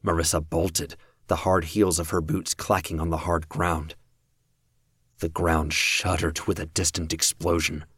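A man reading a fan audiobook in a very deep, unhurried voice. His delivery is steady and measured, and the recording is dry and close. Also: slightly rough, no room sound. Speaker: audiobook narrator.

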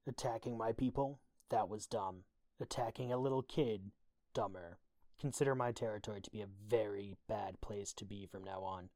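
A man's voice: lowish voice, steady tone, normal speed, a little mellow, dry recording, lightly acted. A man voicing a cold, threatening young woman who talks in curt, level threats, read as a storybook audiobook. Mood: menacing.

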